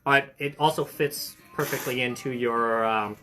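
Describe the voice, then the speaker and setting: A man's voice: mid-range voice, fairly even intonation, unhurried, bright, forceful tone, faint music behind. A man hosting a casual hobby shop stream, chatting his way through a product explanation. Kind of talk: casual livestream chat.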